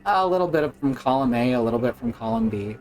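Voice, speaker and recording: A man's voice: mid-range voice, expressive, quick pace, a little mellow, rough recording. A man chatting casually and joking while he plays a game on a live stream. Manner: wry, joking, narrating his gameplay.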